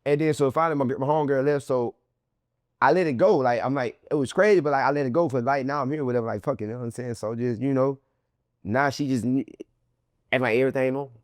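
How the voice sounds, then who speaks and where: A man's voice: medium pitch, fast, dry recording, studio quality. A man being interviewed, telling a long story in loose, profane street slang and acting out what people said. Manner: animated, profane street slang, acts out quotes. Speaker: interview guest. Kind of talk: casual storytelling.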